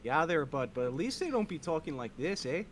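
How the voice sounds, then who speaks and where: A man's voice: on the high side, big pitch swings, brisk, slight background noise. A man putting on a chummy, exaggerated folksy northern Midwest voice.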